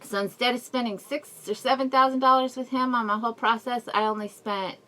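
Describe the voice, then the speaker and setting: A woman's voice: a little high, steady tone, brisk, sharp tone. A middle-aged woman giving a casual personal update to her viewers, telling a rambling, emotional story with frequent laughs and sighs, speaking through a face mask. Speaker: vlogger.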